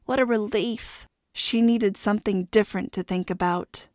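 An audiobook narrator reads a novel from a script in a steady, expressive, mid-range voice at a moderate pace. The recording is dry and studio-clean.

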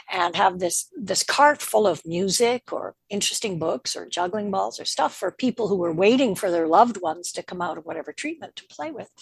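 A woman's voice: medium pitch, creaky, husky, no room sound. An older woman from the Canadian prairies, a guest telling personal stories in a conversation and acting out the voices she quotes. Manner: animated, acts out quoted voices. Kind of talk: casual storytelling.

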